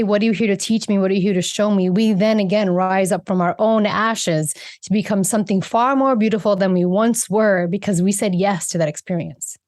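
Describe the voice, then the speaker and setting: A woman who is a guest on a podcast, speaking in an expressive, earnest way about her inner life. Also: medium pitch. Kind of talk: heartfelt spiritual conversation.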